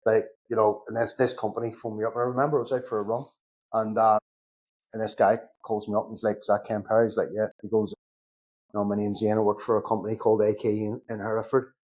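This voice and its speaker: Belfast man telling animated war stories. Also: lowish voice, fast. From Northern Ireland. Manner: animated anecdotes, acts out both sides of conversations, swears casually. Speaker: podcast guest, security consultant. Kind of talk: casual storytelling chat.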